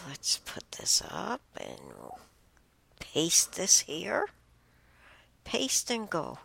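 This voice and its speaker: A woman's voice: mid-range voice, very animated, gravelly, pushed and bright, breathy edge, no room sound. A woman reading posts aloud and commenting casually, emotional and exclamatory, sighing and stumbling over her laptop. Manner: emotional, exclaims and sighs, reads aloud haltingly.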